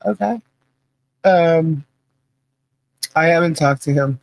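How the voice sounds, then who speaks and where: A woman hosting a live podcast stream and reading the chat, chatty and halting, laughing often. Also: low voice, creaky, a little mellow, no room sound, poor audio.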